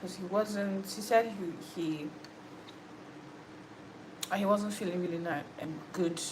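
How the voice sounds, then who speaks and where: A woman's voice: medium pitch, unhurried, noisy background. A young woman hosting a livestream, chatting casually with viewers, laughing often and answering comments. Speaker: livestream host and musician.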